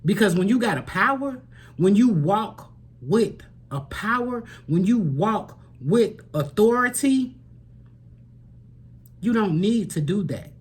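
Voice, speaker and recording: Speaking to camera, a woman delivers an earnest, preachy spiritual tarot reading. She repeats phrases to stress them and occasionally sinks into a soft near-whisper, her mid-range voice expressive, slow, and slightly rough.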